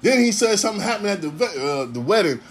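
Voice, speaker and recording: A man's voice: high-pitched, big pitch swings, quick pace. A man in his forties from Ohio, hosting a casual monologue in a profane, rambling way with a preacher-like cadence. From Ohio, USA. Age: 40s. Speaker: podcast host.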